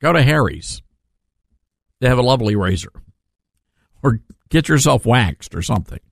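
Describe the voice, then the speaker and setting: A man hosting a talk radio show, giving casual opinion commentary in an animated, sarcastic way with rambling asides. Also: mid-range voice, normal speed, gravelly, dry recording, studio quality.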